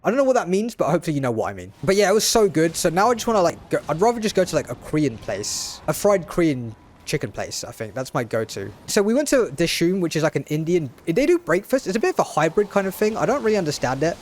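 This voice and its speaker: A man's voice: on the high side, big pitch swings, darkish tone, slight background noise. A man, rambling casually on stream, often cutting himself off and restarting. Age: late 20s. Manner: rambling, quick, self-interrupting with restarts.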